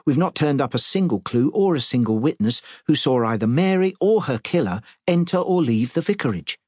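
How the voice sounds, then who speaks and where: Guy doing earnest young cop nephew, matter-of-fact, lively delivery. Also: medium pitch, a little fast, slightly rough, no echo, studio quality, pitched above the performer's own voice.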